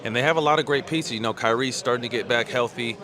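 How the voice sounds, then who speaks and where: A man answers an interview question outdoors, halting and full of fillers. His voice is of middle pitch. A crowd is clearly heard behind him. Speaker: interviewee in a clip.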